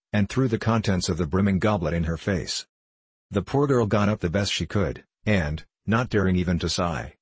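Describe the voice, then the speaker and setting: Deep husky male storyteller. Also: no room sound. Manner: measured, steady storytelling. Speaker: narrator. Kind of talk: audiobook reading.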